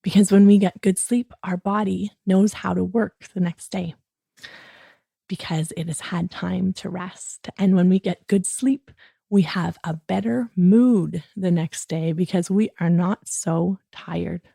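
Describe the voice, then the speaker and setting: A woman hosting a children's bedtime podcast, gently coaxing a child listener through a relaxing wind-down routine. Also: lowish voice, steady tone, measured pace, creaky, breathy edge, no echo, clean studio sound.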